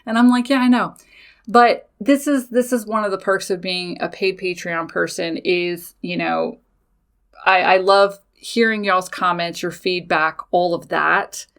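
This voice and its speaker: A woman who is a mother and a podcast host, casually telling a personal story, animated, swearing freely and talking straight to her listeners. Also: lowish voice, unhurried. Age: adult with children.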